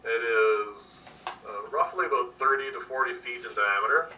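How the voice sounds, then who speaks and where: A man's voice: medium pitch, normal speed, pushed and bright. A man narrating as game master, describing scenes in an easygoing way with lots of fillers. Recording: distant mic with faint noise.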